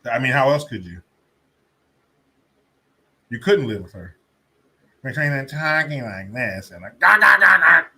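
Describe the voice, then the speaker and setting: A man talking casually into his camera, scornful and profane as he rants. His voice is bright and forward, with a mocking edge and loose storytelling full of fillers. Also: mid-range voice, expressive, measured pace, long pauses, husky. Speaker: vlogger. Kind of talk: ranting video commentary.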